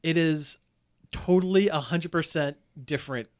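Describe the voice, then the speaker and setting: A man's voice: a little high, normal speed. A man hosting a podcast, chatting casually and rambling with lots of fillers and restarts. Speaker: podcast host. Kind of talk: casual chat.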